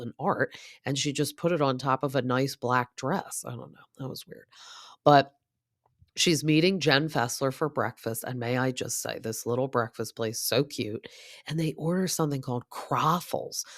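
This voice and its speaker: A woman's voice: very deep voice, dry recording, studio quality. A woman in her thirties giving a chatty, gossipy recap of a reality show, full of asides and quoted lines. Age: 30s. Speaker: podcast host.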